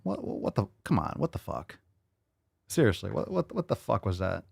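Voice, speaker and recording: Male podcast host, lively swearing rant, dry close mic. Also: fairly low pitch, moderate pace, gravelly, breathy edge, no echo. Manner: profane, incredulous, repeats phrases for emphasis. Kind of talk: casual ranting commentary.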